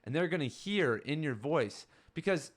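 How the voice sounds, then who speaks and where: A man hosting a podcast, talking casually and rambling about a book chapter in a relaxed way. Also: a little high, moderate pace. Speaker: podcast host.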